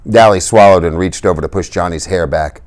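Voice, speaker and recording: A man reading a novel aloud for a class in steady, subdued narration. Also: deep voice, brisk. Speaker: reader.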